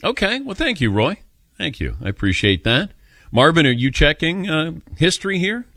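Male sports radio host, lively storyteller, dry studio sound. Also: fairly high pitch, normal speed, no room sound. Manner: animated anecdote-telling, mimics voices in quotes.

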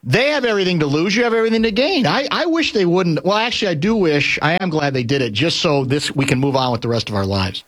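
A man's voice: on the high side, animated, quick pace, few pauses, a bit bright. A man hosting a sports radio show, needling his guest in teasing banter. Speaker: radio host.

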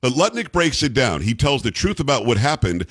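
A man hosting a radio talk show, talking casually in an animated, joking and opinionated way. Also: mid-range voice, fairly quick, husky, dry recording, studio quality. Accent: neutral American, New York when angry. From New York.

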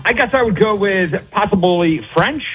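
A man's voice: high voice, lively intonation, moderate pace, over music, poor audio. A man calling in to a radio game show, hesitantly guessing his answers. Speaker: radio caller and contestant. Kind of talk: casual call-in answers.

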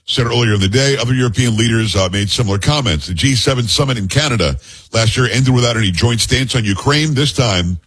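Husky-voiced talk radio host. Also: male voice, medium pitch, animated, quick pace, fairly bright tone. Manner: reads news aloud with blunt personal asides. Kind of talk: opinionated talk radio commentary.

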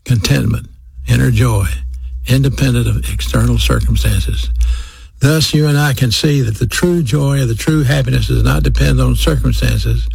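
Male preacher, gravelly and raspy, emphatic sermon delivery with slow repeated phrases, dry close sound. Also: medium pitch, darkish tone, no room sound.

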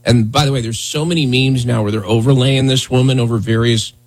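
A man's voice: mid-range voice, fairly even intonation, fairly quick. A man hosting a morning radio show, talking casually and sarcastically with lots of fillers. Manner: loose, sarcastic, rambling with fillers. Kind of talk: casual talk radio commentary.

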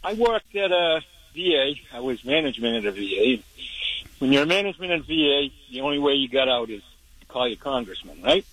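A man's voice: mid-range voice, big pitch swings, fairly quick, a bit bright, husky, dry recording, rough recording. A man in his seventies, a veteran, calling in to a radio show with a blunt, aggrieved complaint. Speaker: caller, veteran. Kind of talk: call-in radio talk.

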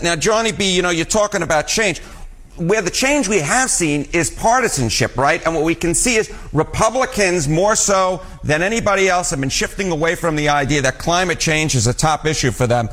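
A man's voice: on the high side, a little fast, fairly bright tone. A man with a New York accent explaining poll numbers as a TV news analyst, emphatic and repeating key figures. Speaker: TV data analyst.

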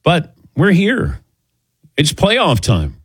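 A man's voice: on the high side, wildly swooping pitch, extremely slow, background noise. An older man hosting a sports talk show, chatting casually and telling a self-mocking story, acting out the quotes. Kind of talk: casual radio show chat.

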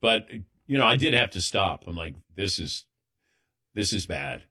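Bright-voiced man hosting sports talk. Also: low-pitched, measured pace, slightly rough. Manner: relaxed, conversational, reminiscing. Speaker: sports radio host. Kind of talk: casual sports talk show banter.

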